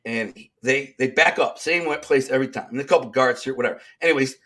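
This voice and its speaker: A middle-aged man with a Detroit accent, talking as a guest in a sit-down interview. He tells his stories in a casual, streetwise way, slipping into the voices of the people he quotes. His pitch sits in the middle range for a man. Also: fast. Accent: Detroit, Michigan. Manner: streetwise, animated, acts out quoted dialogue.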